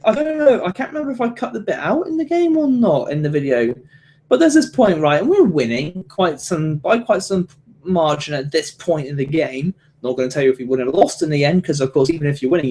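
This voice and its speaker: A man's voice: high voice, darkish tone. A man hosting a solo podcast, rambling and swearing, with many restarts. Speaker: podcast host. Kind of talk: solo casual podcast rant.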